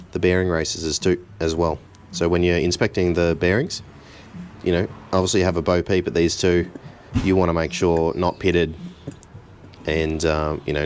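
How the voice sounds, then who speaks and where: A man, casually walking through a car repair in his garage, relaxed and chatty with a self-deprecating streak. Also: deep voice, a little hiss or hum. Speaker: home mechanic host. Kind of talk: casual how-to narration.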